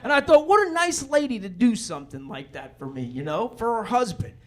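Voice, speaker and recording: On a comedy club stage, a male stand-up comedian with an extremely high, sing-song voice speaks fairly quickly. His storytelling is laid-back and rambling, and he acts out the people in his tales.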